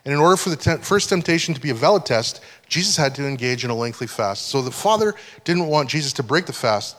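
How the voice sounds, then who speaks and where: A pastor giving a conversational sermon, often checking that the congregation is following. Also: male voice, on the high side, a bit bright. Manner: conversational teaching, frequent check-ins with listeners. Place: church hall. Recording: long hall reverb.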